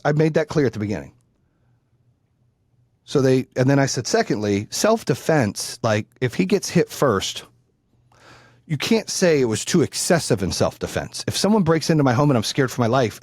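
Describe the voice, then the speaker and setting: A man's voice: mid-range voice, big pitch swings, moderate pace, no room sound, clean studio sound. A man hosting a podcast, telling a story in a blunt, profane way that grows heated. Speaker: podcast host. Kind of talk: casual storytelling.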